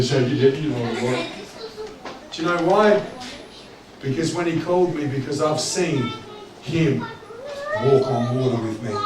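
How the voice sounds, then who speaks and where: A man preaching a sermon as pastor, conversational and joking, swinging between loud preaching and low asides. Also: noisy background. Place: church hall. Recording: echoey church hall, distant mic, congregation audible. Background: congregation.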